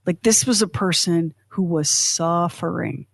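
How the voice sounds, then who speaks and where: A woman co-hosting a podcast, in chatty, animated casual talk full of fillers and asides. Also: lowish voice, measured pace, gravelly, no room sound, studio quality. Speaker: podcast co-host. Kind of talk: casual chat.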